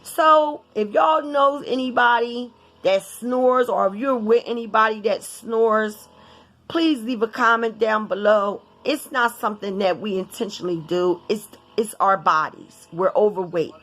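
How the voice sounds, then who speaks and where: A woman vlogger talking casually and bluntly to her viewers, cursing often in an animated, informal way. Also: medium pitch, measured pace. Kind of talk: casual vlog rant.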